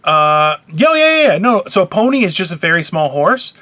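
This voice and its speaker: A man co-hosting a casual podcast, swearing a lot and breaking into playful mock yelling. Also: high-pitched, big pitch swings, normal speed, no echo. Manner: profane, mock-yelling rants. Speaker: co-host.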